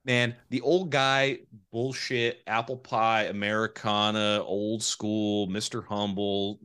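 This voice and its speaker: A man's voice: lowish voice, flat delivery, slow pace, a bit bright, smooth, no echo, clean studio sound. A man co-hosting a podcast, chatting casually with blunt, opinionated rants. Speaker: podcast co-host.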